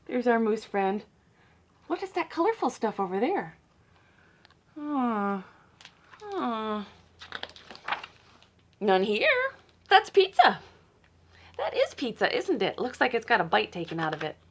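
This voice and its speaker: A woman librarian reading a picture book aloud to children, playful and teasing, with dramatic gasps and hushed asides. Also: a little high, huge pitch swings, slow, long pauses, a little hiss or hum.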